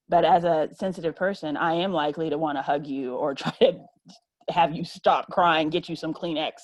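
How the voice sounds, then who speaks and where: A woman with a low voice speaks earnestly as a panelist in a roundtable held over a video call, acting out the voices she quotes. The sound is close and dry, with no room around it. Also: a little mellow, dry recording, rough recording.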